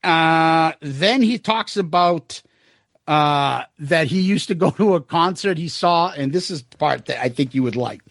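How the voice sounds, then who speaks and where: Casting: high-pitched male podcast co-host, rambling storyteller, dry close sound. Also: lively intonation, a little slow, fairly bright tone, no room sound. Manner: rambling storyteller, lots of swearing and quoted asides. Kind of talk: casual chat.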